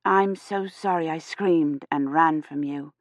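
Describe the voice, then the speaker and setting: Young woman historian, quiet and apologetic, lowish, dry, read by a woman narrator. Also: a little slow, no echo. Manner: soft, apologetic. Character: young woman historian, frightened but polite.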